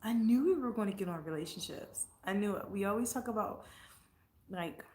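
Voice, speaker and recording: A woman's voice: medium pitch, lively intonation, brisk, dark tone, reverberant. A woman vlogger chatting casually and answering comments, blunt and profane, getting heated as she talks.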